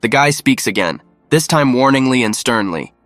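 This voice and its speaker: A man reading a scripted story recap in an even, matter-of-fact way. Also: mid-range voice, moderate pace, no echo, soft background music. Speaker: narrator. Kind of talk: scripted narration.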